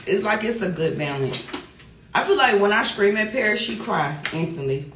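A middle-aged woman talking casually on a livestream, loud and animated, laughing often. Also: mid-range voice, moderate pace, a little hiss or hum. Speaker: livestream host. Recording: echoey room with music behind.

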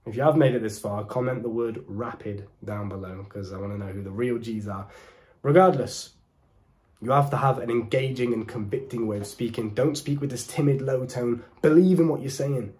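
Emphatic young British man, mellow voice. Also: medium pitch. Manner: emphatic, deliberate, preachy. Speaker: dating coach. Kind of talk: direct-to-camera advice talk.

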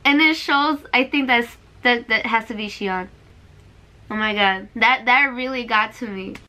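A woman's voice: a little high, a little slow, bright, forceful tone, a little hiss or hum. A young woman reacting to a game trailer in a vlog, exclaiming and tearful. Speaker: video reactor. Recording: trailer music playing behind.

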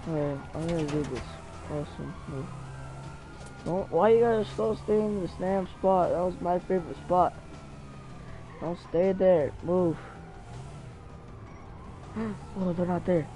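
A man's voice: high-pitched, noisy background. A man giving solo gameplay commentary, muttering and cursing at the game as he plays. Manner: excitable, mutters and curses at the game. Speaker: gamer.

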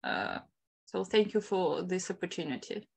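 A woman from Ukraine, a guest ceramic artist, speaking in a hesitant, halting and sincere way on a video call. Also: on the low side, big pitch swings, creaky, darkish tone, slightly rough. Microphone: computer mic on video call.

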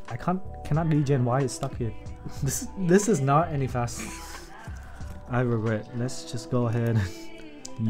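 A man riffing through a casual livestream as he works, excitable and quick to swear. His voice sits in an ordinary middle pitch, and he jokes with his viewers between tasks. Soft music plays faintly behind him. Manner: excitable, profane, joking, talks to chat. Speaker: keyboard builder streamer. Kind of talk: casual livestream commentary while building.

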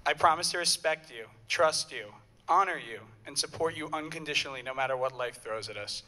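A man's voice: on the high side, fairly quick, pushed and bright. A young man, the groom, reading earnest wedding vows at his ceremony. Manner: earnest, a bit nervous, stumbles once.

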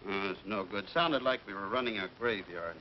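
A man's voice: lowish voice, moderate pace, close to an everyday voice. An actor playing a stubborn middle-aged family man who blusters and fusses in comic exasperation, in a 1940s film. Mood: eager. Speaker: father and husband. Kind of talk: 1940s film comedy acting. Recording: dull 1940s film soundtrack with faint hiss.

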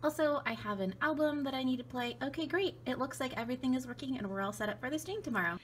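A woman's voice: sits high, quick pace, slight background noise. A young woman with a cold, chatting in a bubbly, giggly way as she vlogs at home. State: has a cold. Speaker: vlogger and streamer. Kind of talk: casual vlog chat. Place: home kitchen and computer desk.

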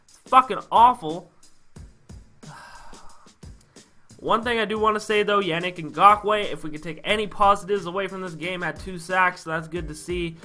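Ranting young man, bright voice. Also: high-pitched. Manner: frustrated, swearing, rhetorical questions. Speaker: sports podcast host. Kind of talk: ranting football recap.

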